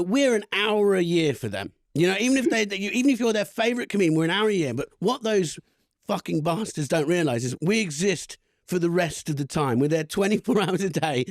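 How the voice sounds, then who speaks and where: A man's voice: high voice, no room sound, studio quality. A male comedian guest telling rambling stories in a casual podcast chat, laughing often.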